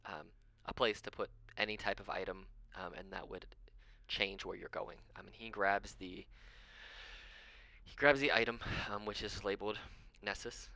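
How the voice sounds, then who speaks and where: A man running a tabletop game as game master, narrating in a loose, rambling way full of ums. His voice sits low in pitch yet has a bright, forward edge. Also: fairly even intonation, moderate pace, vocal fry, no echo. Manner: rambling, lots of ums, chuckles often.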